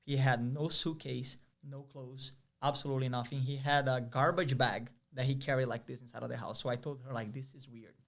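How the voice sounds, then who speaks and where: A young man from Brazil, telling a story as an interview guest in a lively, vivid way with many fillers. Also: mid-range voice, a little fast, creaky, hardly any pauses. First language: Portuguese. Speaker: guest, pro soccer player.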